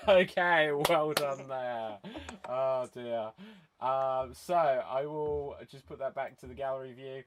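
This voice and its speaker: A man hosting an online improv show over a video call, brisk and chatty, laughing often. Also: medium pitch, a little hiss or hum.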